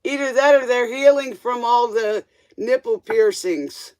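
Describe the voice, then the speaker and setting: A woman's voice: fairly high pitch, measured pace, darkish tone, no echo. A woman hosting a live tarot stream, chatting casually with viewers and laughing often.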